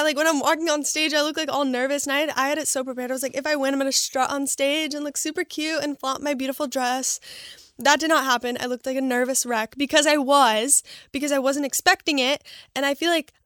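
A young woman telling a story in a chatty, excitable way, full of "like.". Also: high-pitched, no echo, studio quality. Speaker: award winner. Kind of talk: casual storytelling.

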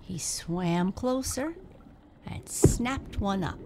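A woman narrating a children's bedtime story in a slow, soothing storytelling manner. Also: medium pitch, noisy background.

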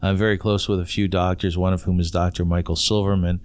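Male podcast host, low and smooth, chatty and teasing. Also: level tone, fast, a little mellow. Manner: chatty, playful, teasing questions. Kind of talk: casual interview chat.

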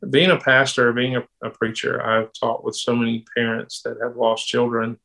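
Unhurried man in his fifties, halting. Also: medium pitch, little pitch movement, a bit bright, poor audio. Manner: halting, unhurried, with frequent pauses and restarts. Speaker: pastor and police officer. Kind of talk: personal storytelling in a podcast interview.

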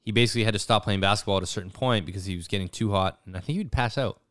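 Young male guest, relaxed storyteller, casual chat, dry close mic. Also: on the low side, very fast, dry recording. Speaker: guest, YouTuber.

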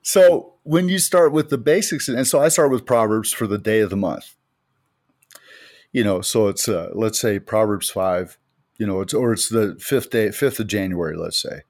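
With a low, slightly mellow voice at normal speed, a middle-aged co-host from the U.S. tells anecdotes emphatically during a relaxed faith podcast chat, in a storytelling manner. The audio is studio quality with no room sound.

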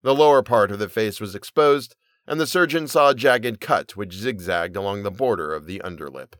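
A man's voice: lowish voice, no echo. Man narrating a Victorian story, dry. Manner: steady, measured narration. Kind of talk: reading a Victorian short story aloud.

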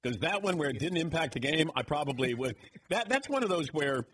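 A man's voice: on the high side, sing-song, fairly quick, fairly bright tone, slightly rough. A man hosting a sports talk radio show, sarcastic and laughing often.

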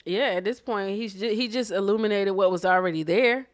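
A woman's voice: medium pitch, brisk. A woman co-hosting a casual chat, blunt and profane, who laughs often. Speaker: podcast co-host.

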